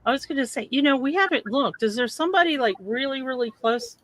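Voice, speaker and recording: A woman's voice: high voice, lively intonation, fast talker, fairly bright tone, no room sound. A woman hosting a casual livestream over a video call, chatty and upbeat, asking lots of questions. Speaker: host.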